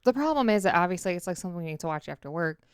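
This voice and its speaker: A woman co-hosting a podcast, chatting casually and relaxed with lots of "like". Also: lowish voice, rapid-fire, clean tone, dry recording, clean studio sound. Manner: chatty, relaxed back-and-forth with frequent "like". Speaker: podcast co-host. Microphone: studio dynamic mic.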